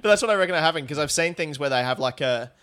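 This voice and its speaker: A man's voice: on the high side, animated, rapid-fire, fairly bright tone. Man, podcast co-host, loose rambling banter, swears and laughs a lot.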